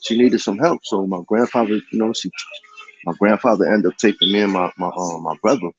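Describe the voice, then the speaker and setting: In lo-fi audio, a man speaks a little fast in a steady tone during a casual vlog. His slangy street-talk monologue wanders with many restarts, punctuated by sing-song high calls of a greeting catchphrase.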